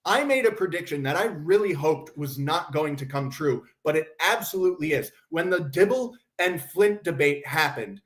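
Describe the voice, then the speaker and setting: High-voiced man ranting sarcastically. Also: a bit bright. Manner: sarcastic, mocking ranting with mimicked quotes. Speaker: podcast host. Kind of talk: casual commentary stream.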